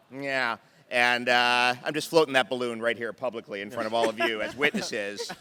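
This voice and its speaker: Male panelist, bright tone, joking and teasing. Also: medium pitch, clean tone. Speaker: panelist moderating questions. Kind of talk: casual panel chat.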